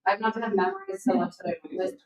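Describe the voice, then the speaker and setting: A woman's voice: medium pitch, big pitch swings, racing. A woman in casual chat, chiming in with short agreeing remarks and questions. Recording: echoey room, far from the mic.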